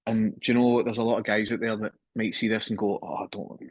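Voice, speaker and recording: A man in his thirties with a husky, slightly low voice, talking quickly and candidly as a podcast guest. He swears freely and keeps calling his host mate. The sound is dry, with no room echo, picked up on a phone. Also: level tone. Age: 30s. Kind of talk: casual conversation.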